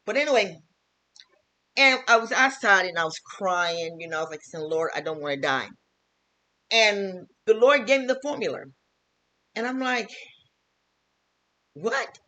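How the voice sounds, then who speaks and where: A woman's voice: medium pitch, expressive, moderate pace, sharp tone. A woman, a health vlogger and teacher, talking earnestly and repetitively in a casual home wellness vlog from her kitchen.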